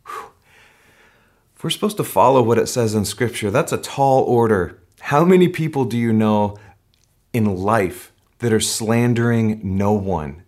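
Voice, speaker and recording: A male pastor preaching a sermon in an earnest way that climbs into excited emphasis. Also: fairly low pitch, unhurried.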